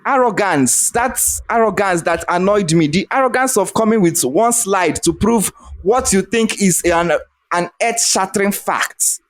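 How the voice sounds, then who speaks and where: A Nigerian man with a fairly high voice and a Nigerian accent rants over a remote call. He is young and heated, and he swears freely as he vents. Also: measured pace. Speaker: guest. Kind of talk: casual podcast chat.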